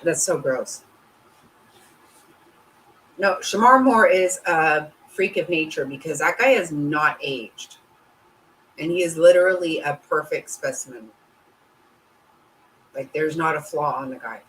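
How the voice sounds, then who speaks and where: Speaking a little slowly with long pauses, a woman hosts a casual livestream on a rough recording. Her talk is blunt and full of profanity, and her voice moves animatedly up and down.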